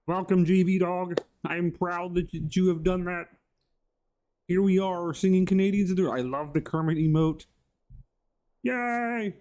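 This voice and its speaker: A man's voice: sits high, a little slow, warm tone, pitched above the performer's own voice. A man doing an impression of a cheerful frog puppet, talking in a nasal, bouncy voice over a live stream. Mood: cheery.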